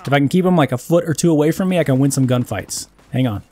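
A man's voice: fairly high pitch, brisk. Man joking through a gameplay session. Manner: joking, excitable, swears when losing. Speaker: gaming channel host. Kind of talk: casual gameplay commentary. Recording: faint noise with game gunfire behind.

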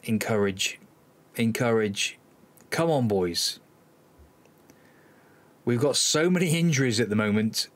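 A man's voice: mid-range voice, lively intonation, slow pace, long pauses. A man hosting a football management let's-play, commenting live on the match, exasperated and sighing, talking to his players. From Cornwall, England.

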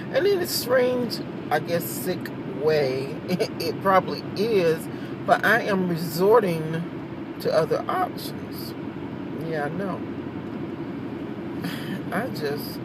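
A woman, chatting casually and rambling to her viewers from her car, often laughing. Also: fairly low pitch. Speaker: vlogger. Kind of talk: casual chat. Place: in a car in traffic. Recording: road noise from inside a car.

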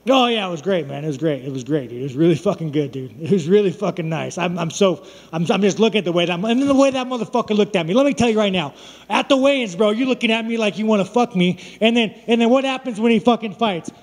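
Male fighter, high voice, profane rambling trash talk, reverberant room. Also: animated, quick pace. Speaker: fighter at a press conference. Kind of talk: press conference talk.

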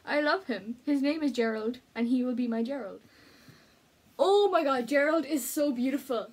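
A young woman chats straight to the camera in a husky voice that sits a little high. She is excitable and giggly, and she keeps slipping between bubbly chatter and hushed asides. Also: moderate pace, rough recording. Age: young adult. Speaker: art student vlogger. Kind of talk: casual chat to camera.

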